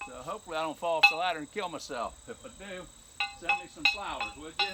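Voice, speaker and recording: A man's voice: a little high, lively intonation, fast, loud music behind the voice. A man chatting casually to his camera outdoors in a folksy, joking way. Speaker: hobbyist vlogger. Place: outdoors in the yard.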